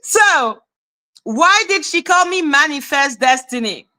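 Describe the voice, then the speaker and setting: A woman with a high, bright voice talks in a casual live stream. She speaks slowly but stays animated, laughing often, greeting her viewers by name and swearing freely.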